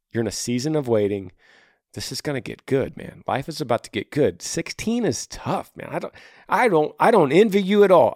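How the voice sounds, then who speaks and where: A man hosting an advice show, talking straight to a young listener in a casual, animated way, acting out little conversations. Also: medium pitch, no echo, studio quality. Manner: animated, acts out little dialogues, calls listener bro and man.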